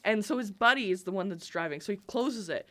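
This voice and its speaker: A woman's voice: mid-range voice, animated, a little fast, a bit bright, dry recording. A young woman co-hosting a podcast, telling funny stories in casual chat, giggling often and swearing freely. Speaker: podcast co-host.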